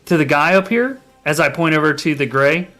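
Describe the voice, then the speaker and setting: A man's voice: on the high side, lively intonation, a little fast, bright, forceful tone, soft background music. Rambling joking male player. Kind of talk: tabletop role-play.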